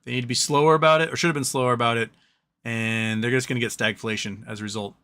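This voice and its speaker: A man's voice: medium pitch, steady tone, fast, pushed and bright, smooth. A man hosting a live stream, chatting casually about stocks and reading viewer questions, with a rambling delivery full of ums and self-corrections.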